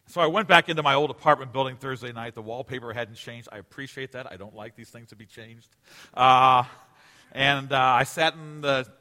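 A man in his forties delivers a sermon with a bright, forceful tone. He swings from ringing emphasis down to near-whispered asides. His voice carries the long reverb of a large church sanctuary. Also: medium pitch. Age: 40s. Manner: emphatic, swinging from loud to hushed. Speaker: pastor.

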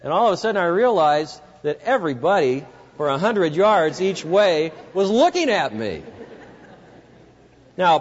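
A man preaching a sermon, telling a story vividly and speaking directly to his listeners. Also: sits high. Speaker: pastor. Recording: dull lo-fi recording with long hall reverb.

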